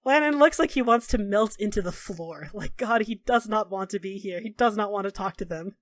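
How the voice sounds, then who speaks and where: Casual woman GM narrating, mid pitch, dry close sound. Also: a little fast, dry recording. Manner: casual, many fillers. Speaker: game master. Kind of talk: narrating a tabletop game.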